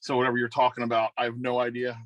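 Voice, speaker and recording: A man's voice: mid-range voice, completely flat delivery, very fast, highs cut off. A man co-hosting a casual video call, wisecracking and playful. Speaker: co-host.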